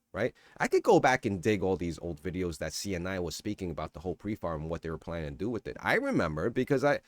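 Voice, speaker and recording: A man's voice: on the low side, no echo. A man talking casually on his own vlog, rambling and getting worked up as he answers viewer comments. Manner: animated, rambling, defensive. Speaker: crypto YouTuber. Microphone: shotgun mic.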